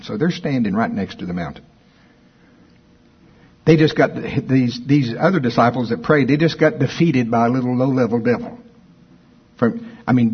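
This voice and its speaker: A male preacher delivering an animated sermon, swinging from quiet asides to loud scripture quotes. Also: medium pitch, husky, lo-fi sound.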